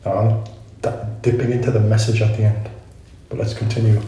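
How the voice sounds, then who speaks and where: A man's voice: lowish voice, flat delivery, fairly quick. A young man telling a personal story in a casual vlog, rambling, correcting himself and reflecting as he goes. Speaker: vlogger. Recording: very echoey room, faint noise.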